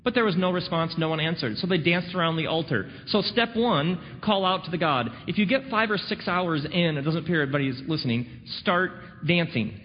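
A man preaching a sermon, sardonic and full of dramatic pauses. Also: a little high. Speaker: pastor. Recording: dull recording in a reverberant hall, faint noise.

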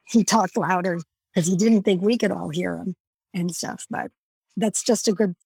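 Husky-voiced chatty woman. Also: on the low side, fairly even intonation, moderate pace, a little mellow, dry recording. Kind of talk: casual podcast conversation.

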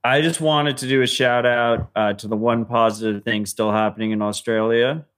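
A man's voice: mid-range voice, steady tone, normal speed, fairly bright tone, clean tone. A man co-hosting a podcast in casual chat, blunt and swearing freely. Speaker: podcast co-host.

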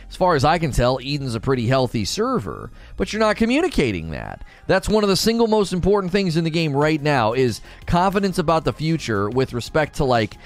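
A man live-streaming and chatting casually about a game, rambling and often repeating his words, into a desk mic run through a mixer. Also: mid-range voice. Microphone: desk mic through mixer and preamp.

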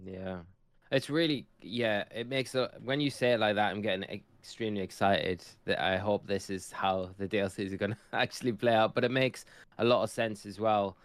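A man co-hosting a podcast in casual chat, eager and quick to agree. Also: on the low side, fairly even intonation, dry recording. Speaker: podcast co-host.

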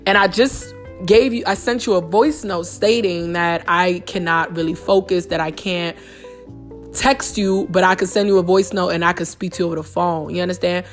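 A woman's voice: on the low side, normal speed, faint music behind. Blunt, profane New York woman ranting. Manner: blunt, profane, animated retelling with slang. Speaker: podcast host. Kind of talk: casual storytelling monologue.

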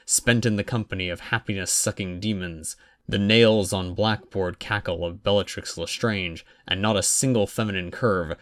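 A man narrating a fan fiction audiobook in a wry, even storytelling manner. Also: low-pitched, moderate pace.

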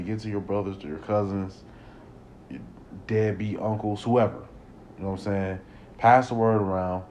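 A young man hosting a solo podcast, talking into a close mic in a rambling way, repeating words and working himself up into animated rants. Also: low voice, a little hiss or hum. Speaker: podcast host.

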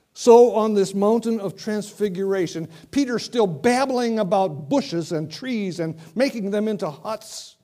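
Slow, dramatic preacher man. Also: high-pitched. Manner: dramatic, swinging from loud to hushed. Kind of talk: sermon.

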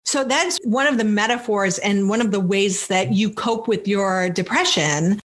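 A woman's voice: medium pitch, unhurried. A woman hosting an interview, asking questions in an affirming, conversational way. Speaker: host.

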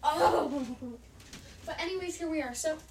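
A woman chatting excitedly as she recaps a reality show, gushing and rambling and often correcting herself. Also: sits high, measured pace, vocal fry, a little hiss or hum, low-quality recording. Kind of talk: excited casual vlog recap.

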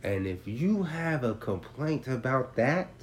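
A man in casual chat explaining his prices, talking in streetwise, profane slang and telling stories in an animated way. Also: medium pitch, unhurried, a little hiss or hum. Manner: animated storytelling with acted-out quotes.

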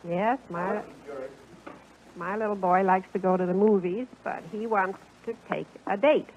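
A woman's voice: mid-range voice, steady tone, a little slow, darkish tone. A woman who is a game show contestant, giving short, polite answers to the host's questions. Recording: old lo-fi radio broadcast with faint hiss.

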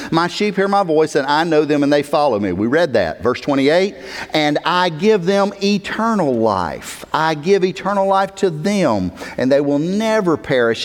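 Male pastor, high-ish voice, emphatic sermon delivery, long church reverb. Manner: emphatic, swings from hushed to near-shouting, repeats words for stress.

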